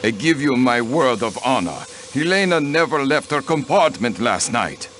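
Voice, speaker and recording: An actor playing a haughty count and diplomat in a mystery video game, cold, formal and dismissive. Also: male voice, mid-range voice, sing-song, moderate pace, a bit bright, slight background noise. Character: haughty aristocratic male diplomat, protective husband.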